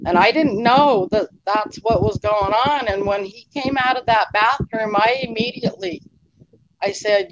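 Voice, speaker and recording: A woman's voice: fairly high pitch, lively intonation, a little slow, lo-fi sound, slight background noise. A woman guest telling a personal story in a rambling, emotional way, acting out what people said. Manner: rambling, emotional retelling with quoted dialogue. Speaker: interview guest. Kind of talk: casual storytelling.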